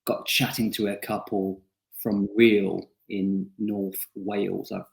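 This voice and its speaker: A man's voice: on the low side, flat delivery, slow pace, creaky. A young man, an author, telling self-deprecating stories in a casual chatty interview, with frequent fillers and restarts. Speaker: author interviewed about his book. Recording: roomy echo.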